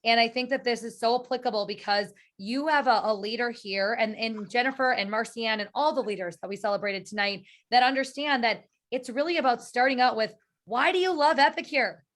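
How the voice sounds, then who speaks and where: A fairly high-pitched woman gives an eager motivational talk to her sales team over a video call. She speaks earnestly, repeating words as she restarts her sentences. The sound is that of a home call mic. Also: fairly quick, hardly any pauses, a bit bright. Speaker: direct sales team leader.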